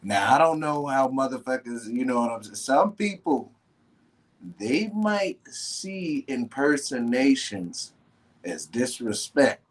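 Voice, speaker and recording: Husky guest man, casual storyteller, slangy and profane, mid pitch. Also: takes it slowly. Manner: animated, slangy storyteller who swears often. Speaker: guest, professional wrestler.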